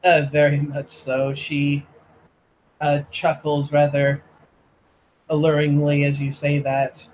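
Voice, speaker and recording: A man's voice: fairly high pitch, completely flat delivery, slow, a little mellow, lo-fi sound, a little hiss or hum. A man narrating as game master of a tabletop game, hesitant with many fillers.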